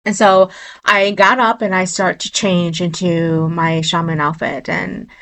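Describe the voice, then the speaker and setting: A woman's voice: lowish voice, fairly even intonation, unhurried, fairly bright tone. A woman shaman earnestly recounting a spiritual experience in vivid detail. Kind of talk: personal storytelling.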